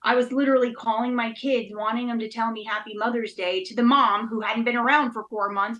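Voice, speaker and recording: A woman's voice: fairly high pitch, fairly even intonation, quick pace, few pauses, fairly bright tone, highs cut off. A woman in her thirties speaking candidly and emotionally in casual chat, with many fillers. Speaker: guest.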